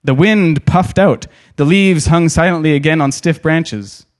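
A man reading a novel aloud in an expressive, dramatic way, pausing to add his own comments. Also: fairly high pitch. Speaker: storyteller.

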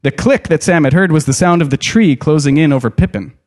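A man's voice: a little high, fairly quick. Man reading a story aloud expressively. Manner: expressive, dramatic read-aloud. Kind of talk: reading a novel aloud with commentary.

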